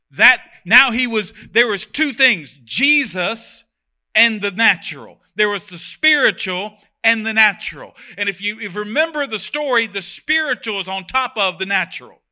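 Bright, high-voiced man preaching. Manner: animated, reads verses then comments with jokes. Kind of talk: sermon with scripture reading.

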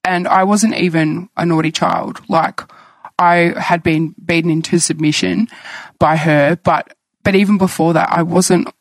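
A woman's voice: fairly low pitch, steady tone, measured pace, dry recording, low-quality recording. A woman in her thirties speaking candidly as a guest, telling her own story in a reflective way. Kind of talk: personal conversation.

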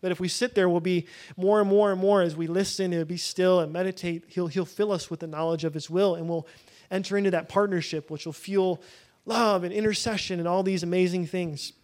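A man's voice: high voice, fairly even intonation, fairly quick, darkish tone. A young man leading a prayer-room teaching, talking casually with lots of fillers, restarts and self-deprecating asides, into a podium microphone. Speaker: prayer leader.

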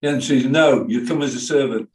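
A man's voice: medium pitch, fast. An older man from England with a Birmingham accent, preaching a sermon as pastor, telling stories with quoted voices and asides. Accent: Birmingham English. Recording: echoey room from far off.

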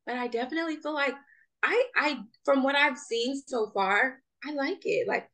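A woman's voice: sits high, moderate pace. A young woman from Jamaica co-hosting a podcast, chatting casually and animatedly, often laughing as she talks. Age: young adult. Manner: animated, laughs while talking. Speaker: podcast co-host. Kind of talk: casual chat.

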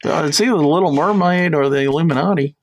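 A man's voice: on the high side, fast talker. A man co-hosting a casual comedy podcast, joking and reading reviews aloud. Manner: joking, reads reviews aloud with mock voices. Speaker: podcast co-host.

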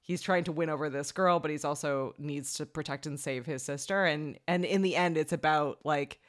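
A mid-pitched co-host talking through a movie in casual chat. The speech wanders, with constant filler words and restarts. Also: normal speed. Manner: rambling, many "like" and "um" fillers. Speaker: podcast co-host.

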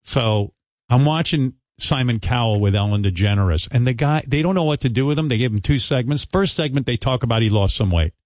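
A male radio host ranting in a profane, mocking way, with a mid-pitched voice that swings widely up and down. The sound is close and dry, with no room around it. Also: expressive, fairly quick, a little mellow, no room sound. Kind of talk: casual radio talk. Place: radio studio.

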